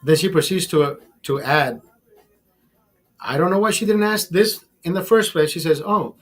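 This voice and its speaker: A man's voice: a little high, normal speed, soft background music. A man hosting a casual livestream, swearing freely as he tells a story with emphasis and talks to his chat. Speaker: livestream host.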